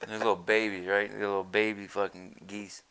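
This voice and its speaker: A man's voice: on the low side, little pitch movement, fairly quick, pushed and bright, clear, resonant tone. A man hosting a casual podcast, rambling through stories and giggling often. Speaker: podcast host. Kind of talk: casual stoner chat.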